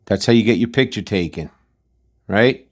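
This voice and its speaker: A man's voice: fairly low pitch, normal speed. A man hosting a commentary channel, ranting in a blunt, combative, slangy way and repeating his points. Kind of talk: casual commentary rant.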